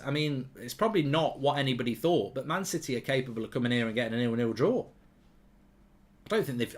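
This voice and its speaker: A middle-aged man hosting a live football watchalong, giving jokey, animated commentary. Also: medium pitch. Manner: animated, jokey, quick asides. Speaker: host.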